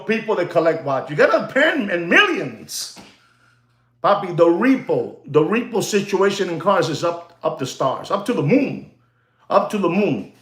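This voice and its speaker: High-voiced man ranting in an echoey room. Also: a bit bright. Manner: emphatic, repetitive, mixes in Spanish phrases. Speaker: watch dealer hosting a livestream. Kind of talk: ranting livestream monologue.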